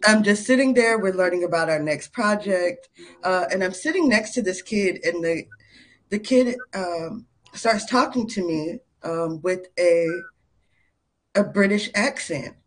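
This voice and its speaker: Animated young woman guest. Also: fairly low pitch, a little slow. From North Carolina, USA. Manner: animated, laughs often, many fillers. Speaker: podcast guest. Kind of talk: casual interview storytelling.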